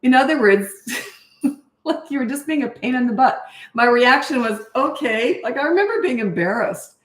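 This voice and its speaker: A woman's voice: sits high, animated, normal speed, echoey room. A woman in her sixties, a parenting coach answering questions in a casual livestream, telling stories in a chatty way with fillers and laughs. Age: 60s.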